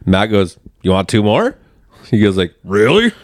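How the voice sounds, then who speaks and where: Joking lowish-voiced man, dry. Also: moderate pace, no room sound. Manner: relaxed, joking storyteller. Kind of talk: casual chat about fishing.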